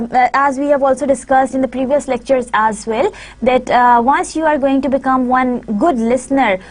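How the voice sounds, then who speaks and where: A woman giving a recorded university lecture, halting and full of fillers and restarts. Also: high voice, a little mellow.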